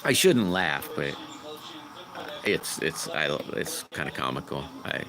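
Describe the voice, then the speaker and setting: A man's voice: rumbling low, sing-song, slow pace, crowd noise. A man casually chatting with viewers on his livestream, rambling and greeting people by name. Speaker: livestream host.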